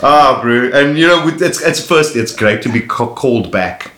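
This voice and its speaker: A man's voice: medium pitch, normal speed. A male comedian with a South African accent, a guest on a casual podcast, telling stories with slang and frequent laughter. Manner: animated storyteller, laughing often, slangy. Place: host's house. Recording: roomy echo in a home.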